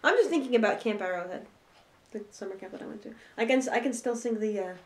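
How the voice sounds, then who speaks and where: A woman co-hosting a casual chat, teasing and telling lively anecdotes. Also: a little high, fast talker, roomy sound. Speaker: co-host.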